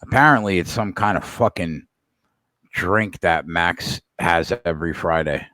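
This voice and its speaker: A man's voice: sits low, a little slow, pushed and bright, no room sound. A man co-hosting a podcast, chatting bluntly with swearing and mock-dramatic outbursts. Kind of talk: casual chat.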